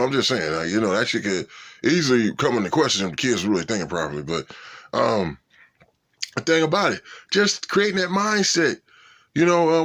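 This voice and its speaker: A man's voice: medium pitch, a bit bright. A man in a casual, profane rant, swearing and sounding incredulous. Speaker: vlogger.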